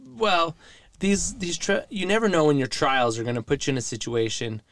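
A man's voice: fairly high pitch, steady tone, moderate pace, a bit bright, dry recording, clean studio sound. A man co-hosting a podcast, chatting casually in a supportive, reflective and somewhat rambling way. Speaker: podcast co-host.

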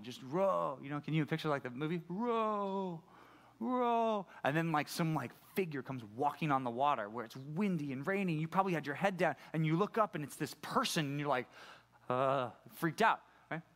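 A middle-aged pastor giving a conversational sermon, often putting questions to the congregation. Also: male voice, on the high side, fast talker, a bit bright. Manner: conversational preaching, asks the audience questions.

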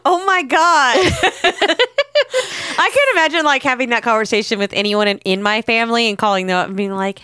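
A woman's voice: a little high, normal speed, pushed and bright, smooth, no room sound, studio quality. A woman co-hosting a podcast in casual chat, laughing often as she talks. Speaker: podcast co-host.

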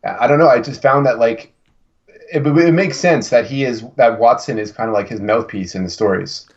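A man's voice: medium pitch, normal speed, highs cut off. A man co-hosting a podcast in casual chat, rambling and often restarting his sentences. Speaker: podcast co-host.

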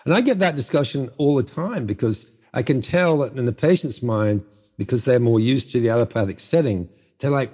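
A man's voice: mid-range voice, lively intonation, a little fast, darkish tone, slightly rough. A middle-aged man speaking as a guest in a conversational interview, thoughtful and rambling, full of asides. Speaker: guest, herbal medicine teacher.

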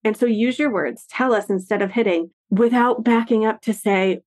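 A woman's voice: on the high side, moderate pace, a little mellow. A woman, a parenting educator and author, explaining ideas earnestly in a conversational interview and acting out example quotes as she goes.

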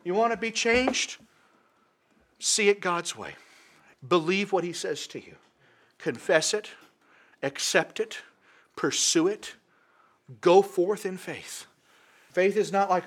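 A male preacher with a high, ringing voice gives an impassioned sermon from start to finish, driving his points home through emphatic repetition. His pace is unhurried, with long pauses and a slightly bright tone.

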